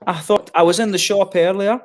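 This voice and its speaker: A man's voice: high voice, fairly even intonation, fairly quick. A man hosting a casual stream chat, rambling and laughing often. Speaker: stream host.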